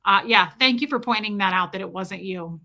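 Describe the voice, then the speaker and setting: Reading chat on her livestream, a woman speaks a little fast in a mid-range voice that's bright and forceful. She keeps things casual, responding affectionately to each viewer's comment in turn.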